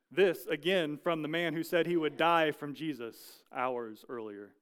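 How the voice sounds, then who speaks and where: A man preaching a sermon, telling a story with earnest, measured delivery and dramatic pauses. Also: on the high side. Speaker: pastor.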